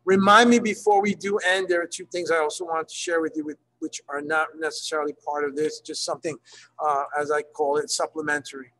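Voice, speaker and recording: A man teaching library staff in an online workshop, checking in often with his class and slowing down to model phrases. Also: on the high side, sharp tone, low-quality recording. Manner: checks in often, gives examples slowly. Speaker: Spanish instructor for library staff.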